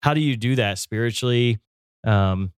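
A man hosting a faith podcast, asking a long question haltingly, searching for his words. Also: mid-range voice, clear, resonant tone, dry recording, clean studio sound. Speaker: podcast host. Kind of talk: interview questions.

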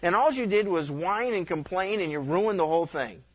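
Speaking at a normal pace in a high voice, this middle-aged pastor delivers a chatty, story-driven sermon. He repeatedly stammers and restarts as he animates his anecdotes.

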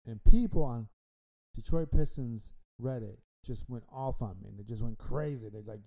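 A man's voice: mid-range voice, normal speed, mellow, rough recording. A man hosting a casual sports podcast, rambling and repeating himself with frequent ums. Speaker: podcast host.

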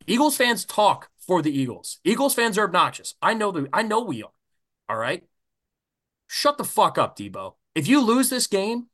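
A man rants on a sports podcast, swearing freely and heated. His voice jumps all over the place in pitch. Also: a bit bright. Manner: profane, fired-up ranting. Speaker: podcast co-host.

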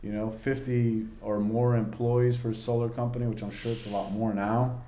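A man's voice: medium pitch, flat delivery, normal speed, warm tone, slight background noise. A man in his forties, a podcast guest, telling a personal story candidly and vividly with lots of "like" fillers. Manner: vivid, earnest, many "like" fillers. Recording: roomy, echoey room.

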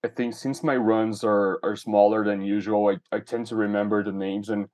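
A man's voice: fairly low pitch, flat delivery, normal speed, a little mellow. Hesitant man chatting as podcast guest. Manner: thoughtful, hesitant with restarts. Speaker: guest, toy artist. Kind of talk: casual chat.

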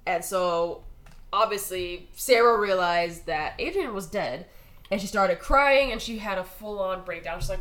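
A woman's voice: mid-range voice, unhurried, fairly bright tone, rough recording. A young woman casually retelling a true crime story, rambling with lots of "like," swearing freely and acting out what people said. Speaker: podcast co-host telling a true crime story.

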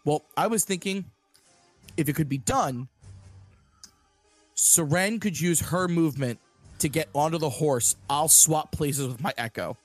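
High-voiced man playing a tabletop game. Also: dry recording, faint music behind. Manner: halting, thinks aloud, bursts into shouted character lines. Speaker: player. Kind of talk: tabletop role-play banter.

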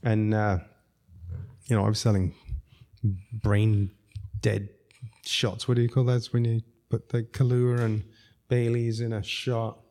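A man from Zambia, a restaurateur guest, telling animated anecdotes in casual chat, laughing often and acting out quotes. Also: fairly low pitch, a little slow, pauses often.

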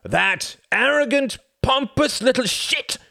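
A man voicing a contemptuous British official who shouts and curses, in an audiobook reading. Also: low-pitched, very animated, gravelly, no echo, clean studio sound, full character voice. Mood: enraged. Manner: shouting, cursing, drawn-out.

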